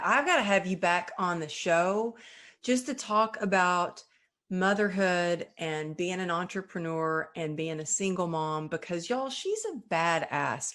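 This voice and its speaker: A woman hosts a podcast in relaxed, chatty conversation with a guest. She talks in an effusive, heartfelt way, her voice sitting a little low. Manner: warm, effusive and emotional. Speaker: podcast host. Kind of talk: casual interview chat.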